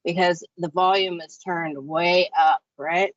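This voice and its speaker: A woman's voice: fairly even intonation, slow pace, no room sound. A woman hosting a live psychic show, doing a chatty tarot reading for viewers. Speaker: host and psychic reader. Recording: muffled low-fi audio.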